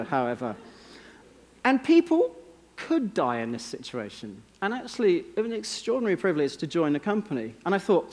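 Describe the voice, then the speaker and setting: An English man giving a keynote talk on a conference stage, telling wry, self-deprecating stories. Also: high voice. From England. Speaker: conference speaker. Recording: long reverb of a large hall.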